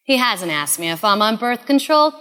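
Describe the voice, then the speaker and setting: A woman in her thirties telling a personal story in an earnest, confessional way, often dropping to a hush. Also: mid-range voice, big pitch swings, moderate pace, clear, resonant tone, big-room sound. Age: 30s.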